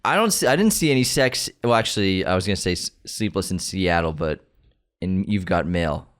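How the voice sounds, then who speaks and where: A man's voice: sits low, brisk. A young adult man co-hosting a podcast, reading entertainment news items and then joking loosely about them. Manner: relaxed, reads news items then riffs and jokes. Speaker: podcast co-host. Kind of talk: casual chat.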